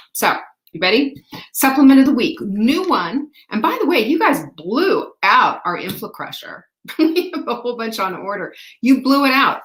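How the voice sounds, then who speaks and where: A woman hosting a live show, chatting brightly and greeting viewers by name. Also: fairly high pitch. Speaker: host. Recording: roomy echo.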